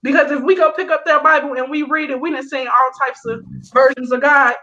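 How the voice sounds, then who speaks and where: A woman with a high, bright voice delivers an emphatic, preaching-style testimony. She fires off rhetorical questions and talks straight to her listeners. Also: steady tone, a little fast, highs cut off. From raised in a Seventh-day Adventist church. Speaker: guest, educator and writer.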